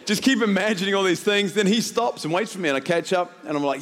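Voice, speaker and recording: Excitable pastor, high voice. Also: male voice, fast talker, long reverb tail. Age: middle-aged. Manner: storytelling, laughing, rising to shouts. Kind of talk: sermon.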